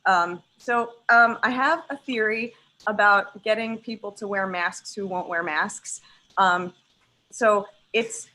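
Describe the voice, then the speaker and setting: A young woman performing a stand-up set on a video call, emphatic and profane, pausing like a preacher between lines. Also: medium pitch, bright, forceful tone, low-quality recording. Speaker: stand-up comedian.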